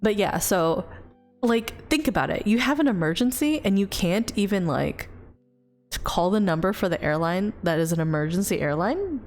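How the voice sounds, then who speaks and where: A woman's voice: medium pitch, moderate pace. A woman streamer tells a long story in a loose, chatty way. She keeps restarting sentences and throws in the odd swear word, and faint music plays behind her. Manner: rambling, lively, with many restarts and casual swearing. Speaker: VTuber streamer. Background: faint background music.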